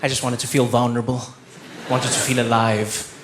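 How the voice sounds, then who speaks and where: A South African man performing stand-up comedy on a theatre stage, with a deadpan, ironic delivery. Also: mid-range voice, a little fast, a little hiss or hum. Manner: deadpan, ironic, with playful asides.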